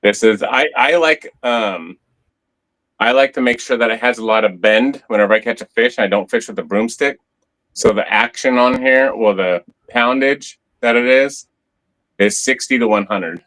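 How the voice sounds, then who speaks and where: A man's voice: mid-range voice, normal speed, fairly bright tone, low-quality recording. A man hosting a casual fishing show, chatting loosely, swearing now and then, and showing off his rod and reel. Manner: laid-back, swears casually, shows gear on camera. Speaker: host. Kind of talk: casual fishing livestream chat.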